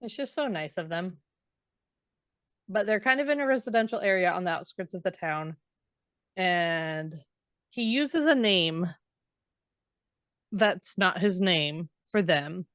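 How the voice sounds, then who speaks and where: A woman's voice: fairly low pitch, animated, measured pace, long pauses, a bit bright, no echo, studio quality. A woman co-hosting a podcast, casually retelling a book's chapters in a chatty, loose way with lots of fillers. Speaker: podcast co-host. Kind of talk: casual book recap.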